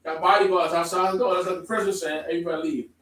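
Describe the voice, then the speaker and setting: A man preaching a sermon to a congregation, emphatic, moving from calm explaining to loud exclamations. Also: high voice, fast. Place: congregation hall. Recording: echoey room, from far off.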